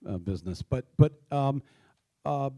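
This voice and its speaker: A middle-aged man hosting a live town hall in a theater, talking casually with many fillers and restarts, and spelling things out slowly. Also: mid-range voice, animated, dark tone. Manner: spells out addresses slowly letter by letter. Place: theater stage before a live audience.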